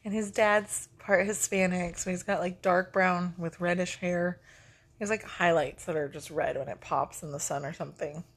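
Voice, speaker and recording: A woman's voice: lowish voice, fairly even intonation, moderate pace. A middle-aged woman chatting casually, a gushing grandmother with lots of fillers. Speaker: vlog co-host, grandmother. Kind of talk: casual breakfast chat.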